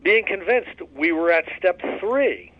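A man's voice: high voice, lively intonation, a little slow, no echo, highs cut off. A man leading a recovery study discussion in an earnest, folksy way, with many restarts and fillers. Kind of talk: casual spoken study discussion.

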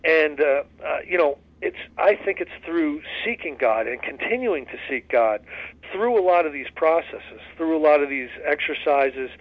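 A man's voice: on the high side, expressive, moderate pace, no room sound, highs cut off. A man leading a recovery study discussion in an earnest, folksy way, with many restarts and fillers. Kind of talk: casual spoken study discussion.

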